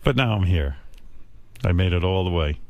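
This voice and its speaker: A man's voice: sits low, lively intonation, normal speed, a little mellow. An American man hosting a talk show, telling wry, self-mocking stories in a casual way. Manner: wry, self-mocking anecdotes, mimics others in quotes. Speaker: radio show host. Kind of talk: casual comic storytelling.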